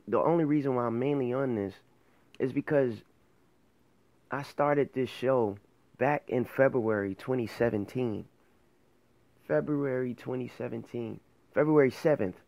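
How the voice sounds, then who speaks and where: A man's voice: medium pitch, darkish tone, no echo. A man hosting his own faith show, talking casually and earnestly to camera, rambling and correcting himself as he goes. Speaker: host of an online faith show.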